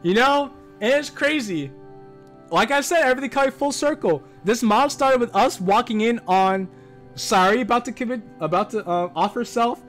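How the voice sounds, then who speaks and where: A man streaming a game, reading the story aloud and breaking off into excitable, slangy reactions, with faint game music playing. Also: very high voice, moderate pace. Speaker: gaming streamer. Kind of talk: reading a visual novel aloud with live reactions.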